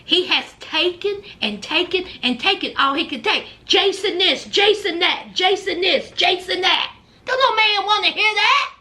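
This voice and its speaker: Sassy high-voiced woman commentator. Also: lively intonation, measured pace, pushed and bright. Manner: blunt, sassy, scolding. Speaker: reality TV commentator. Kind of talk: sassy reaction recap.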